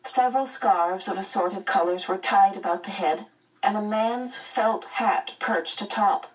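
A woman narrating a children's novel aloud in a measured, expressive way. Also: mid-range voice, distant mic, low-quality recording. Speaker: audiobook narrator. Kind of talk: storybook narration.

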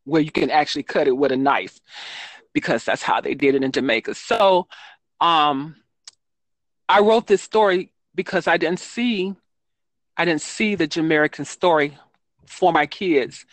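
A low, unhurried voice belongs to a woman children's book author, a guest in a casual interview who pauses often. She rambles with frequent ums and self-corrections, captured in a dry, close recording.

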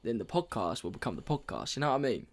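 An excitable young man chatting casually as a podcast co-host. His voice sits at an ordinary middle pitch, and he talks in quick slang and gets worked up as he pushes his ideas. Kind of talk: casual chat.

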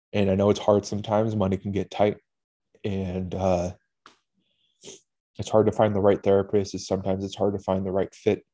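A man with a low, mellow voice speaks in a steady, even tone. He talks as a podcast host in a personal monologue, halting and candid, with casual swearing. He sounds emotional throughout.

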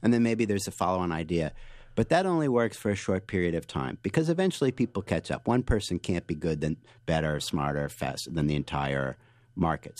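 A man being interviewed as a guest author, telling stories with lively energy and frequent restarts. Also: low voice, no room sound, clean studio sound. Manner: animated storyteller, restarts often. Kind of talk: interview answers.

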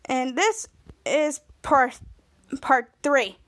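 A woman's voice: high voice, animated, drawn-out words, a bit bright. A woman hosting a podcast, retelling a TV episode and acting out its scenes line by line. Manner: retells scenes and jumps into character lines. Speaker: podcast host.

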